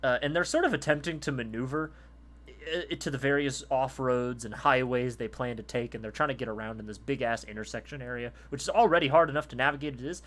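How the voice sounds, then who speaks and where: A man's voice: on the high side, fairly bright tone. A man narrating a tabletop game as game master in a casual, profane way. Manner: casual, profane, laughs easily.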